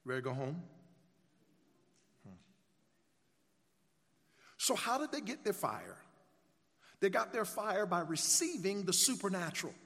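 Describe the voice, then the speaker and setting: A man's voice: sits high, fairly bright tone. A man preaching a sermon, reading scripture aloud and calling on the congregation to answer and repeat after him. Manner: call-and-response with congregation, rhetorical questions. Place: church sanctuary. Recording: long church reverb.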